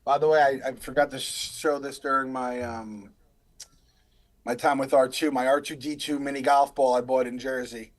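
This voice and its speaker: A man's voice: medium pitch, moderate pace. A man in his thirties, a podcast co-host, rambling through casual live stream chat and stories. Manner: rambling, animated storyteller.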